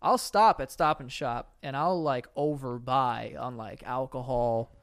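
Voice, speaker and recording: A young man co-hosting a podcast in casual chat, joking and swearing in quick back-and-forth with his friend. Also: mid-range voice, smooth. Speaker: podcast co-host.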